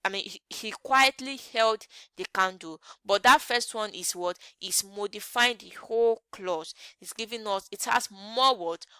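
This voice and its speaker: Bright, clear woman teaching grammar. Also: medium pitch, no room sound. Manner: asks the class rhetorical "what?" questions and answers them; repeats example sentences slowly. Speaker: English teacher. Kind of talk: grammar lesson.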